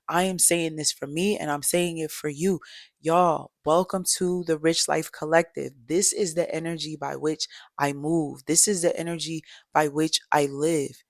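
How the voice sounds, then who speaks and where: Gravelly-voiced motivational woman, very dry sound. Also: low-pitched, unhurried, no room sound. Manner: animated, talks straight to viewers with repeated "y'all". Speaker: motivational coach and yoga teacher. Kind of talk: casual motivational storytelling to camera.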